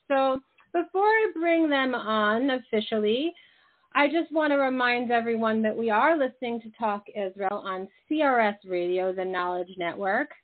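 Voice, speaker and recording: A woman hosting a radio talk show, chatting casually in a playful, teasing way. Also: sits high. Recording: phone-like narrow band.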